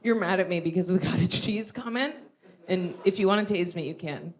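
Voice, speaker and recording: A woman comedian co-hosting a live podcast, telling stories in an animated way, laughing often and acting out what people said. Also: fairly low pitch, a little fast, slight background noise. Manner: animated, laughs through her stories, acts out quotes. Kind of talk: live podcast banter, storytelling. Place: live venue before an audience.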